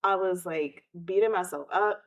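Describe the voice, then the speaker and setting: A woman, hosting a podcast and telling a personal story of grief in an emotional, animated way. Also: on the low side, moderate pace. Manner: emotional, animated retelling with quoted outbursts. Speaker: podcast host.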